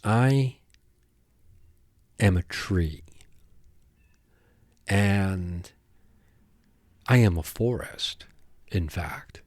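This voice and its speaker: A man with a somewhat low voice hosts a solo podcast episode. He talks in a rambling, halting way and often restarts his sentences. The sound is dry and close, with no room around it. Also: a little mellow, dry recording. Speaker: podcast host. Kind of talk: casual monologue.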